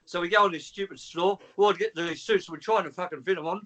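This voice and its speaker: This guest caller, a former trainer, has a high voice and talks fast. Animated and full of swearing, he spins a long story on the call, acting out the dialogue himself.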